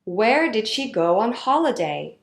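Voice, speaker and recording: Slow, lively-pitched woman teaching. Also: reverberant. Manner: slow, clear instructional delivery. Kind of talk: scripted lesson narration.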